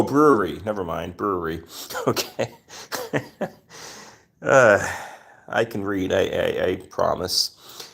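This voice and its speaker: A man hosts a relaxed live stream from home with his rescue cats around him. He reads out viewer names one by one and answers them in a chatty, unhurried way, often pausing on fillers. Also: mid-range voice. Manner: chatty, greets viewers by name, many fillers. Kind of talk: casual live stream chat.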